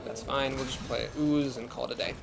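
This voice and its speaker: A man's voice: medium pitch, fairly even intonation, fairly quick, vocal fry, music in the background. A young man with a Midwestern American accent, chatting and thinking aloud while streaming a card game and answering chat. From Ohio, USA. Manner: chatty, thinks aloud, reads chat comments and laughs easily. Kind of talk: live gameplay commentary.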